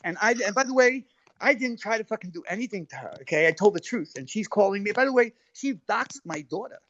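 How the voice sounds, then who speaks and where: A man's voice: sits high, lively intonation, fast talker, a bit bright. A man arguing heatedly on a live stream, defensive and swearing, cutting in over others. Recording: dull lo-fi stream audio.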